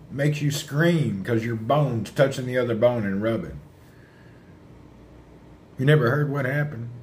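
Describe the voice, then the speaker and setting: A man chatting casually on a livestream, rambling and answering his viewers' comments out loud. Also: fairly high pitch, a little hiss or hum.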